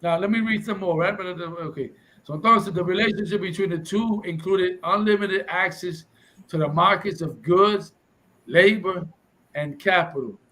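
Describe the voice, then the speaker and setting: A man teaching a class, reading passages aloud and restating them forcefully in English and Spanish. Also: sits high, moderate pace, low-quality recording. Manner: preachy, reads text aloud and restates it, switches between English and Spanish.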